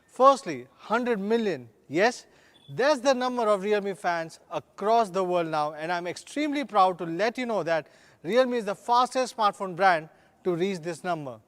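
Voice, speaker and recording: A middle-aged man, speaking in a notably high voice. He reads a scripted launch keynote, leaning on slogans with a steady, rousing cadence. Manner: rousing, slogan-filled corporate pitch with measured emphasis. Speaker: company executive giving a product launch keynote.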